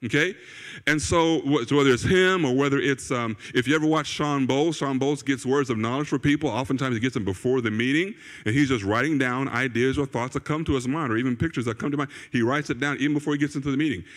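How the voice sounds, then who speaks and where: A male pastor with a medium-pitched voice talks fast as he preaches a conversational sermon in a church sanctuary. He repeats phrases for emphasis and keeps checking in with "right?" or "okay?", and the recording carries the long reverb of a church hall.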